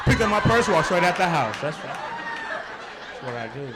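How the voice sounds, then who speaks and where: A young adult man performing a stand-up routine on a club stage, teasing the crowd in an animated way. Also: sits high, moderate pace. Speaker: stand-up comedian. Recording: live club recording with audience noise.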